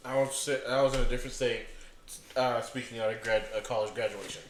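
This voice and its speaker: A man's voice: mid-range voice, steady tone, a little fast. A young man hosting a casual podcast chat, loose and joking with plenty of swearing. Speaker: podcast host. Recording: roomy echo with faint noise.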